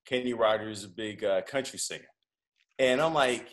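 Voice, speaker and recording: Man telling a story in relaxed, easygoing chat. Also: medium pitch, fairly quick. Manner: relaxed, rambling, with frequent restarts. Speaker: comedian and podcast host, guest. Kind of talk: casual conversational storytelling.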